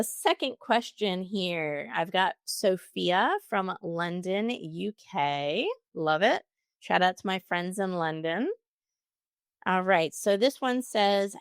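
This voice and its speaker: A woman's voice: on the low side, dry recording, studio quality. A woman hosting a solo podcast, giving chatty, encouraging advice and laughing often. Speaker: podcast host.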